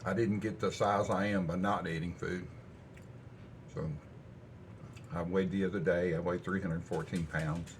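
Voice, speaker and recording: This older man's very deep, low voice drifts through talk of what he's cooking at home, easygoing and folksy, in a casual vlog style. He speaks unhurriedly with long pauses, over a soft background hiss.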